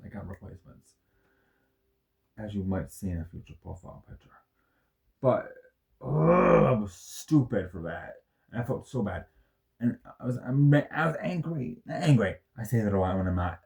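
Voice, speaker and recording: A man's voice: fairly low pitch, a little mellow. A man in his thirties telling a personal story in a rambling, self-correcting way, swearing often. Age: 30s. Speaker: vlogger. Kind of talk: personal vlog, emotional storytelling.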